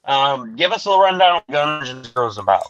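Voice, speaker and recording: A man hosting a casual livestream chat, thanking backers and plugging crowdfunded projects in a hurried way. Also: medium pitch, very animated, fairly bright tone, dull audio. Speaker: podcast host.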